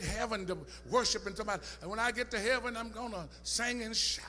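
A man preaching a sermon as pastor, swinging from low, quiet scripture reading up to shouted calls. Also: fast, few pauses. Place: church sanctuary. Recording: church hall reverb with faint music and hum.

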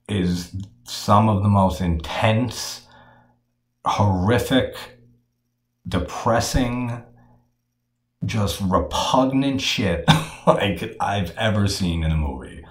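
A man's voice: low voice, reverberant. A man talking casually and frankly about a film, swearing freely and using many fillers. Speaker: horror film reviewer.

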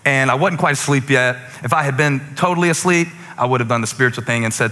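Guy in his 40s preaching, chatty then punchy, bright voice with big hall echo. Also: mid-range voice, a little fast. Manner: conversational preaching, rising to emphatic peaks. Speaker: pastor. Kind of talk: sermon. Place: church stage with few listeners. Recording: long hall reverb.

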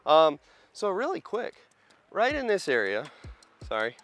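A man's voice: on the high side, wildly swooping pitch, measured pace, fairly bright tone, faint music behind. A man operating heavy equipment, vlogging to a handheld camera on an outdoor job site, chatty and joking, tired after a long hot week. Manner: chatty, joking, self-deprecating. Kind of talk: casual vlog to camera.

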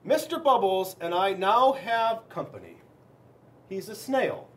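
A man, a school resource officer, reading a children's book aloud in an animated, expressive way. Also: sits high, unhurried.

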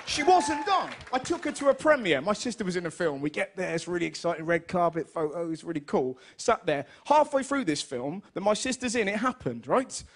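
A young man with an English accent doing a lively stand-up comedy routine on stage, telling stories and acting out his mother's lines. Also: sits high, fairly quick, few pauses. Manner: animated storytelling, puts on his mum's voice in quotes. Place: stage in front of a live audience.

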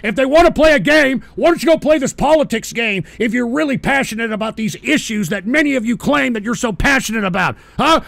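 A man's voice: very high-pitched, lively intonation, fairly quick, gravelly, few pauses, fairly bright tone, no room sound. A middle-aged American man hosting a radio talk show, ranting profanely and abrasively at his chat. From United States.

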